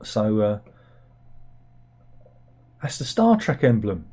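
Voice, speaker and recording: A little slow, warm, and husky, the low-ish voice belongs to a comic news show host from the UK. He wanders wryly through his thoughts, full of fillers and restarts, as if talking to himself.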